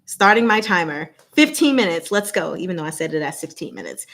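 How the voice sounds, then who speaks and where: A young woman hosting a casual livestream, chatting with viewers, speaking slowly and deliberately and laughing often. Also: lowish voice, big pitch swings, a bit bright. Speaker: channel host.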